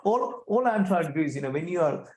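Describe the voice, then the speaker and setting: Animated man, slightly higher voice, echoey room. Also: quick pace. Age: middle-aged. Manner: animated, restarts and repeats words, asks the audience rhetorical questions. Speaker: guest speaker. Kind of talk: conversational talk at an online chapter event.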